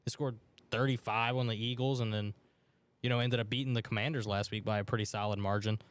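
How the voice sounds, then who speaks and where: A man co-hosting a sports betting podcast in a radio studio, chatting casually and excitably. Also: fairly low pitch, fast, smooth. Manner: excitable, chatty, loud outbursts for his team. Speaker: podcast co-host. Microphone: studio mic.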